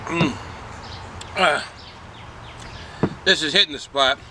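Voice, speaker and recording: A man's voice: fairly high pitch, slow pace, noisy background. An older man chatting casually as a beer reviewer, rambling with many fillers and restarts. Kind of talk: casual chat.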